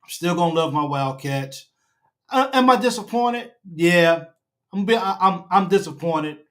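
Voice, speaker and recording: A high-pitched man hosts a fan reaction show. He hammers his points with preacher-like repetition and climbs toward a shout. He speaks into his own camera setup. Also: expressive, unhurried. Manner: emphatic, preacher-like repetition, rising to near shouting. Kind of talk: casual sports reaction chat. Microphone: own camera setup at home.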